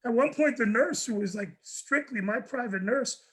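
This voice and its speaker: A man, a guest on a panel, telling a personal story in an animated way, often restarting and repeating words. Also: very high-pitched, moderate pace, breathy edge, rough recording. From New York. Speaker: guest speaker.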